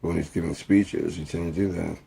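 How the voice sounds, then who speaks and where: A man's voice: deep voice, fairly even intonation, a little fast, gravelly, mellow, slightly rough. A man rambling through a casual rant, profane and jokey, drifting from point to point. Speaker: video creator.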